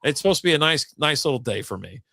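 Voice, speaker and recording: A man's voice: a little high, animated, quick pace, gravelly, bright, forceful tone, dry recording, clean studio sound. A man hosting a casual podcast chat, telling a long story with lots of swearing and acted-out quotes. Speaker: podcast host.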